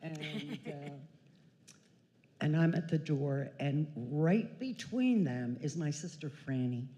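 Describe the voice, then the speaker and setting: A chatty woman in her sixties tells a family story on a church stage, lively and quick to laugh. Her voice is warm and mellow. A long reverb hangs in the large hall around her. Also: low-pitched. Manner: chatty, animated, laughing, acting out quotes. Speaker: daughter telling family story.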